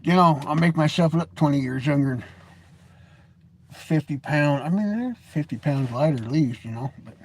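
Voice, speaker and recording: A man's voice: a little high, normal speed. An American man in his forties, talking to camera in a rambling, jokey and blunt monologue as a vlogger. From United States. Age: 40s. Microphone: webcam or phone camera, seated.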